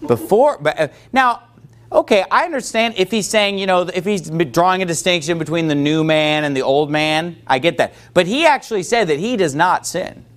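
A man's voice: fairly high pitch, animated, normal speed, a bit bright. A man preaching a sermon as pastor, emphatic and questioning, putting questions to his listeners.

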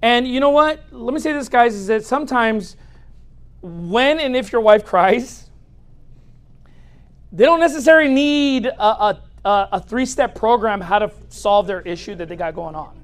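A man preaching a humorous sermon as a pastor in a church, speaking straight to the audience in a lively, joking way. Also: extremely high pitch, normal speed.

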